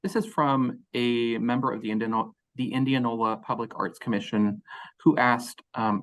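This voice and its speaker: A man moderating a conference panel, reading a question from the audience in a measured way. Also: mid-range voice, a bit bright.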